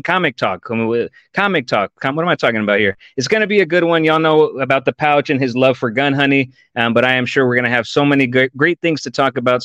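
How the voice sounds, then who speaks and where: Casting note: upbeat male host, smooth clean tone, dry close mic. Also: fairly high pitch, a bit bright, no echo, muffled recording. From Texas. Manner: enthusiastic and chatty, says dude and y'all. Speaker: podcast host. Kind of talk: live-stream interview.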